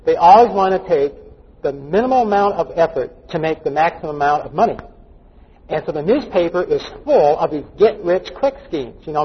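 A man's voice: fairly high pitch, animated, a little fast, slightly rough. A male pastor preaching a folksy, joking sermon full of anecdotes, recorded in a dull, echoey church hall. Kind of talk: storytelling sermon.

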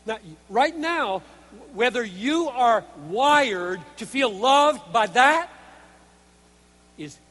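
A male preacher with a strikingly high voice delivers an earnest sermon. He drops to hushed tones and then presses his points with force. A long hall reverb trails after his words. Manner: earnest, emphatic, shifts between hushed and forceful.

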